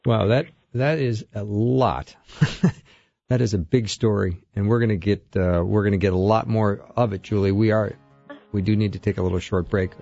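A man's voice: lowish voice, steady tone, moderate pace, gravelly, dark tone, no echo, lo-fi sound, faint music behind. A man co-hosting a recovery talk radio show in a chatty, self-deprecating way.

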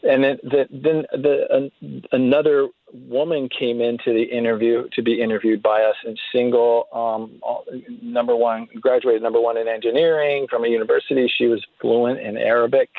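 A man telling a story as an interview guest, halting and restarting often. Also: medium pitch, flat delivery, dry recording. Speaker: guest recounting recruitment interviews. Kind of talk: anecdotal storytelling. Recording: tinny phone-line sound, dry.

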